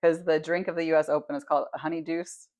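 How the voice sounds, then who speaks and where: A woman's voice: low voice, level tone, fast, a little mellow, no echo. A woman hosting a podcast, telling a story in casual chat, acting out dialogue and swearing freely. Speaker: podcast host.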